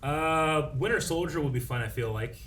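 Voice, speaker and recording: A young man hosting a casual reaction chat with friends, reading out viewer questions. He talks in a relaxed, rambling way with lots of fillers. His voice sits a little away from the mic over faint noise. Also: fairly high pitch, moderate pace. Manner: relaxed, chatty, many fillers. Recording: voice a bit far from mic.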